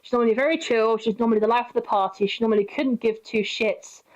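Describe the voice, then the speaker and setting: A woman's voice: a little high, steady tone, fast talker, highs cut off. A young woman streamer telling a story while playing, chatty, laughing often and swearing freely. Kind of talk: casual storytelling while gaming.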